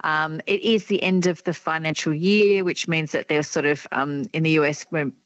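A woman's voice: low-pitched, steady tone, moderate pace, no room sound, muffled recording. A woman giving a finance update on radio, chatty and hesitant with many fillers. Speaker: finance commentator.

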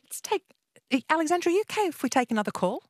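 A woman hosting a national radio phone-in at night, asking quick questions and teasing her callers. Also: high-pitched, big pitch swings, no room sound, clean studio sound. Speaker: radio host. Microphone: studio microphone.

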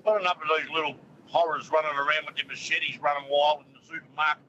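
A man's voice: on the high side, fairly even intonation, fast talker, bright, forceful tone, dull audio, a little hiss or hum. A man with an Australian accent calling talkback radio from his car, blunt and grumbling. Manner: grumbling, blunt, complaining about government. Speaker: caller.

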